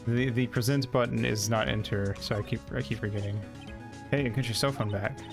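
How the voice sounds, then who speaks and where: A man's voice: mid-range voice, fairly even intonation, a little fast, creaky, over music. A man streaming a game, reading dialogue aloud and joking casually, swearing now and then.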